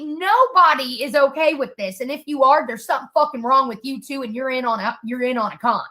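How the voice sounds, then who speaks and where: A high, bright-voiced woman ranting in angry reaction commentary. She is profane and scornful and talks over the clip. Her tone is sharp and cutting. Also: expressive, normal speed. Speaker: commentary streamer.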